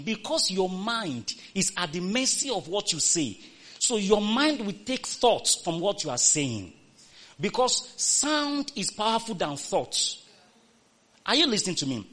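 A man preaching a sermon, repeating phrases and swinging from loud calls to hushed, quoted scripture. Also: sits high, sing-song, normal speed.

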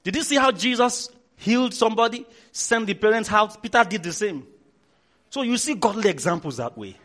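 Nigerian pastor preaching, high bright voice, big swings up n down. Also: male voice, fairly quick. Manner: animated storytelling, shouting repeated commands. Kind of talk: sermon.

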